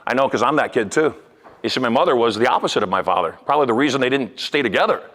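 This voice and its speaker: Guy giving a live pep talk in a big hall, lots of echo, animated with loud bursts. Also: medium pitch, racing. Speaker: motivational speaker. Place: large event hall. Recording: long hall reverb.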